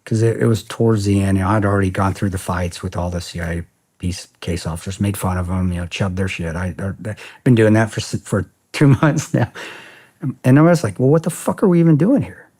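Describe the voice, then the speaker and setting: Blunt, husky-voiced man telling war stories. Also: sits low, fairly quick. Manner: profane, blunt, animated retelling with quoted dialogue. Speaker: podcast guest, former security contractor. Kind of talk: storytelling in a casual interview.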